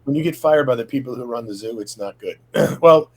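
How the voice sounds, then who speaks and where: A man's voice: medium pitch, a little fast, a little mellow, breathy edge, poor audio. A middle-aged man sharing a personal testimony from his home office, talking in a rambling, casual way with many fillers and quoted dialogue.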